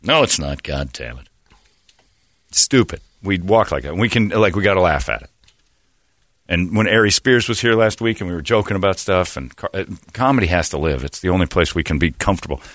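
A man's voice: sits low, lively intonation, brisk, a bit bright, dry recording. A man hosting a radio show, talking in blunt, opinionated studio banter.

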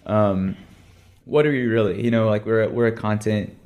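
A young man on a podcast, talking about brand work in a hesitant way with many pauses and restarts. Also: on the low side, fairly even intonation, darkish tone. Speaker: brand lead on content team. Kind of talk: casual podcast chat.

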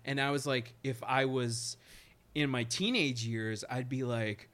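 A man's voice: medium pitch, measured pace, fairly bright tone. A man co-hosting a podcast in casual chat, making crude jokes and acting out quotes in his stories. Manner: crude jokey banter, acts out quotes. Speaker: podcast co-host.

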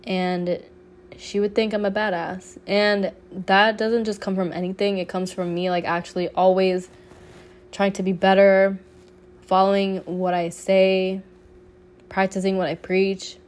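A woman's voice: mid-range voice, level tone, unhurried, a little mellow. A woman in her late twenties hosting a solo podcast, sick with a cough, talking casually and heartfelt, peppered with swearing and "like". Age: 20s. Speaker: podcast host.

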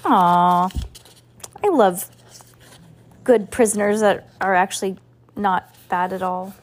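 A woman reading a novel aloud to a class as teacher, expressive and unhurried, voicing the characters. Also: mid-range voice.

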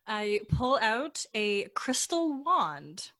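A woman playing a character in a tabletop game, teasing in a playful, deadpan way. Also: a little high, drawn-out words. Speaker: player.

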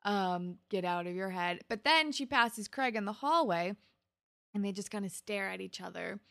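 A woman's voice: mid-range voice, lively intonation, moderate pace, creaky, a bit bright, no echo, clean studio sound. A young woman casually recapping a TV episode, chatty, laughing along and acting out characters' lines. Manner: chatty, laughs often, acts out quotes. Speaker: podcast co-host.

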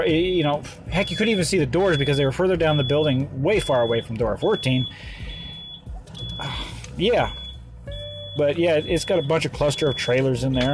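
A man driving a truck, telling a rambling story in casual vlog style with halting restarts. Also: fairly high pitch. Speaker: truck driver. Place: truck stop.

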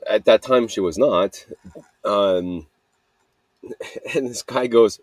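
A man's voice: low-pitched, a little slow, no echo. A young man telling rambling stories outdoors at night in a casual monologue, laughing often and swearing casually. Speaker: podcast host.

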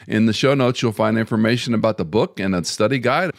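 Folksy low-voiced male podcast host. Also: fast talker, gravelly, no echo, studio quality. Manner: folksy storyteller, animated when quoting others. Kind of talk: podcast interview conversation.

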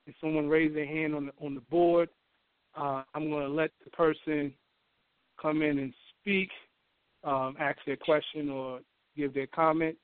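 Host guy, bit high voice, tinny phone sound, says um a lot. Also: measured pace, clean tone, no echo. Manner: calm, hesitant with ums. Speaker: host of a call-in show. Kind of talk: call-in show hosting. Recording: thin phone-like line.

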